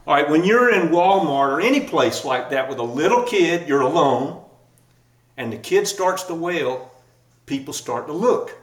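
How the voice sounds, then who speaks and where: A man giving a sermon, telling a lively personal story and laughing at himself as he goes. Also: fairly high pitch, unhurried. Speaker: pastor. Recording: echoey room, mic at a distance.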